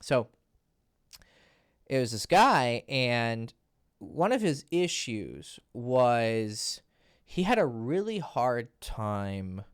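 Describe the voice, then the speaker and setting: A man's voice: medium pitch, big pitch swings, extremely slow, smooth, no echo, studio quality. A man working as a dating coach, telling a client story in a blunt, casual, profane way.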